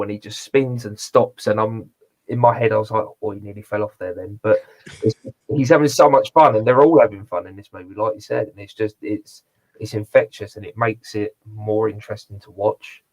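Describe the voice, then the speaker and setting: A man's voice: mid-range voice, poor audio. A man co-hosting a casual movie review podcast, rambling along with many fillers and restarts. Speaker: podcast co-host.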